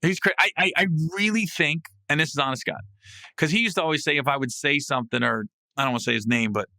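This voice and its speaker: A man with a bright, forceful voice that sits fairly high, telling a story on his podcast. He is casual and swears freely, and he keeps jumping up into loud, laughing peaks. The sound is dry and close, with no room around it. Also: quick pace, gravelly, dry recording. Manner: animated, swings into loud, high laughing outbursts. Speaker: podcast host. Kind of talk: comedic storytelling monologue. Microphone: podcast mic.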